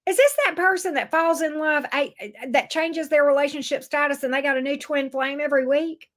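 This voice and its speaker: A woman's voice: sits high, fairly even intonation, a little fast, fairly bright tone. A woman giving a casual tarot reading, blunt and sassy, swearing freely. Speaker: tarot reader.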